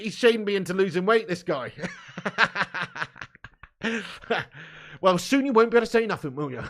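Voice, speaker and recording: High-voiced football streamer bantering. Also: male voice. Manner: banter-heavy, mocking rival fans, swearing, laughing. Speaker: football watch-along streamer. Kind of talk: live stream chat, reading comments.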